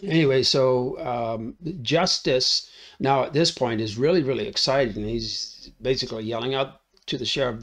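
In an easygoing film review, a man retells the plot while thinking out loud, dropping frequent fillers and a habitual "right?" His voice is medium in pitch and unhurried.

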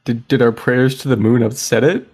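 Man, mid-pitched voice, casual joking player. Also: fairly even intonation, normal speed, darkish tone, slightly rough. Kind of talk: tabletop role-play.

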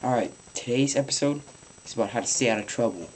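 A teenage boy giving casual advice in a rambling home vlog, swearing offhandedly and filling pauses with ums. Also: medium pitch, a little mellow, slight background noise, low-quality recording. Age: teens. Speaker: vlogger.

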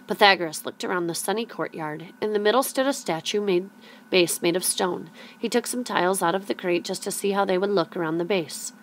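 A woman reading a children's storybook aloud in a clear, measured way. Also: mid-range voice, slight background noise. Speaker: storybook reader.

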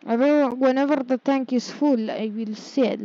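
Playing a city-building game on stream, a woman mutters to herself and gets exasperated easily when plans fail. She has a high, warm voice and an unhurried pace. There's no echo, though the highs are cut off.

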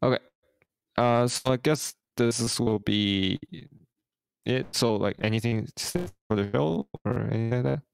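A man's voice: medium pitch, moderate pace, vocal fry, clear, resonant tone, no room sound, low-quality recording. A man hosting a casual live stream, talking through market charts in a hesitant way with many fillers and restarts. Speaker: host.

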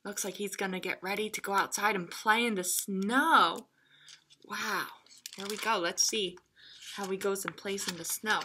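A woman reading a picture book aloud to young children, gentle and playful, often laughing and asking questions. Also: medium pitch, fairly even intonation, moderate pace, a little hiss or hum. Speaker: children's librarian. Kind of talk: children's story time reading. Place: library online session.

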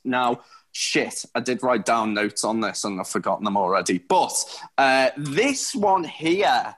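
Casual Australian podcast co-host, mid-pitched man, rambling and jokey. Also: very animated, a little slow, a bit bright. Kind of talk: casual chat.

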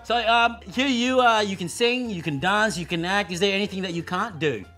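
A man's voice: high voice, fairly quick, pushed and bright, faint music behind. A man from the Philippines playing a jokey interviewer character, putting on an Australian accent, playful and laughing often. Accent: put-on Australian.

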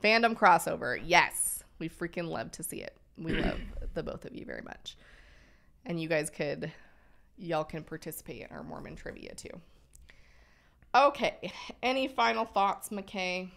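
A woman's voice: lowish voice, lively intonation, measured pace, vocal fry, fairly bright tone. A woman co-hosting a podcast live stream, chatting casually in a playful, joking way. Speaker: podcast co-host.

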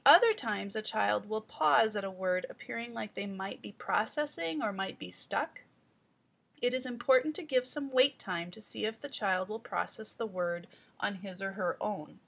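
A woman reading teacher giving calm, step-by-step instructional narration. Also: medium pitch, moderate pace, gravelly. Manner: calm, explanatory, guiding the listener step by step.

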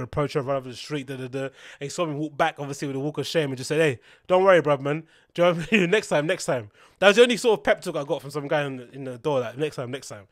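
Podcast host, young guy, a bit high, rambling and animated, swears, dry close sound. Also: dry recording. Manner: rambling, animated when telling stories, swears freely. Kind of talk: casual monologue.

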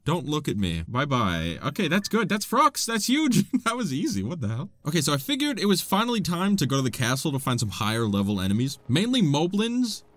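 Man with a wildly swinging pitch. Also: a little fast, hardly any pauses. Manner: excitable, playful, chats to the monsters on screen. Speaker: gaming YouTuber. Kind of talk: gameplay commentary.

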